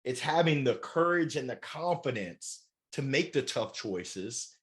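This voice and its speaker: A man in his forties, a keynote speaker and author, giving energetic, playful motivational answers in an interview. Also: medium pitch, a little slow. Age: 40s. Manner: animated, playful, motivational, acts out voices.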